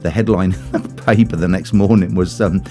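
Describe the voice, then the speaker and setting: A man's voice: sits low, steady tone, normal speed, mellow, soft background music. A man co-hosting a casual radio chat show in a studio, telling rambling anecdotes. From England. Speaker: co-host.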